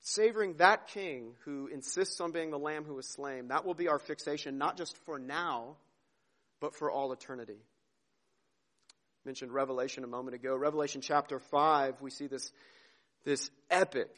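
An earnest male preacher with a fairly high voice. He swings between near-whispered tenderness and ringing emphasis, stumbling over and repeating words as the feeling carries him. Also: moderate pace, fairly bright tone. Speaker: pastor. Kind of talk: sermon.

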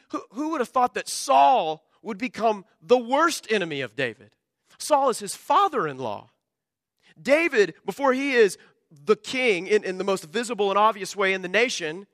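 Impassioned high-voiced male preacher. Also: dry recording, studio quality. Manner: impassioned preaching, rising and dropping sharply in pitch and loudness. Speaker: pastor. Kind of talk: sermon.

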